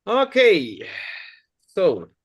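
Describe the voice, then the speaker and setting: Slow patient man teaching online. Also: sits high, huge pitch swings, muffled recording. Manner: slow, patient, coaching Sanskrit pronunciation syllable by syllable. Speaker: scripture class teacher. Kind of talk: online scripture class over video call. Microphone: video call.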